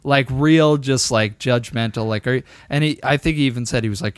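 A young man co-hosting a casual podcast rambles through a story full of swearing and quoted dialogue, animated the whole way. His voice is smooth, resonant and medium-pitched, and he talks fairly quickly. The recording is dry and close, with no room sound.

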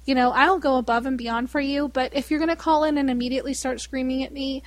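High-voiced woman, laughing storyteller. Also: quick pace, few pauses, dry recording. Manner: animated storyteller, laughs often, mimics callers. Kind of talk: casual chat.

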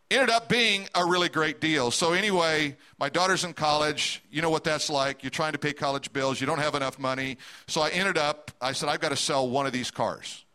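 A man's voice: a little high, pushed and bright. A middle-aged man preaching a sermon as a pastor, telling a personal story and asking the congregation direct questions.

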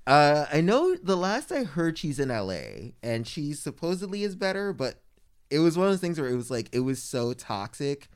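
A man's voice: a little high, big pitch swings, normal speed, smooth. A man telling a long personal story in casual chat. He talks animatedly, fills it with "like", and mimics the people he quotes.

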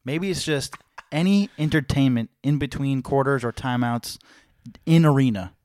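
A man's voice: mid-range voice, moderate pace, darkish tone, no room sound, clean studio sound. A young man co-hosting a casual sports chat, slangy and profane, calling people bro and dude. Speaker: podcast co-host.

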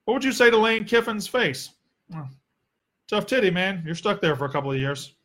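Young Southern man, a fairly high voice, blunt and sarcastic, casual Q&A host who swears freely. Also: animated, brisk, fairly bright tone. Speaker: sports podcast host. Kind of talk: casual solo Q&A.

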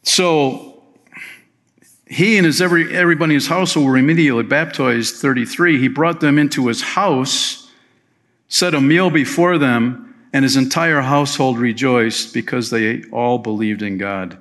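A man preaching a sermon as pastor, telling a story in a relaxed, conversational way with chatty asides. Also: medium pitch, moderate pace. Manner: slips into playful voices for quoted people.

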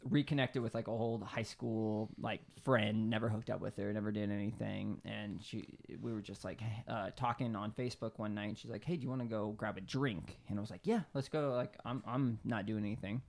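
A young man hosting a podcast, telling a story in a loose, relaxed way with lots of fillers. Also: fairly low pitch, brisk, gravelly, hardly any pauses. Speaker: podcast host. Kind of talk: casual chat.

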